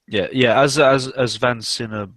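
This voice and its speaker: A man's voice: mid-range voice, steady tone, a little slow, fairly bright tone, no room sound. A man from England hosting a casual online hangout, rambling, laughing often and swearing offhandedly. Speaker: hangout host. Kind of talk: casual chat.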